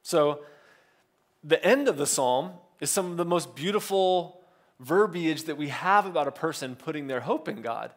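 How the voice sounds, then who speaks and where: A man's voice: fairly high pitch, animated, normal speed. A male pastor, giving a casual, conversational sermon and briefly acting out quotes. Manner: conversational, self-correcting, acts out biblical quotes.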